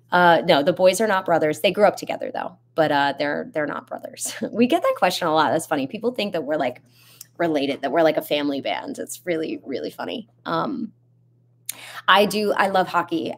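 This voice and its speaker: A young woman singer casually chatting on a live stream, answering fans' comments with lots of ums and giggles. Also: deep voice. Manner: giggly, rambling, with many ums. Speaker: singer in a band, hosting a live chat. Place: home in Nashville.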